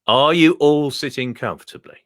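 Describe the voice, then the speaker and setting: A man telling a comic story to an online group in a theatrical, animated way over a video call. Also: on the high side, normal speed.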